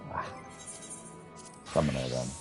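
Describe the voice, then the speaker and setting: A man's voice: extremely low pitch, little pitch movement, takes it slowly, soft background music. A man streaming a game playthrough, reading its dialogue aloud and chatting with viewers between lines. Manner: reads game text aloud, with asides to chat.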